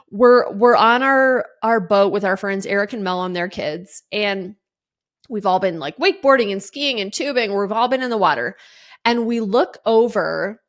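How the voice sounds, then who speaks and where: A woman in her thirties or forties hosting a podcast, telling stories casually with lots of fillers and acting out what others said. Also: mid-range voice. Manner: chatty, lots of fillers and laughs, voices others' lines. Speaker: podcast host. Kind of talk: casual storytelling monologue.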